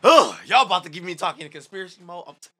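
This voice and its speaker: Animated young man reacting loudly. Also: racing, husky. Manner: animated slang-heavy, swings from loud outbursts to low murmurs. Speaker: reaction video host. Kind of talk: casual reaction commentary.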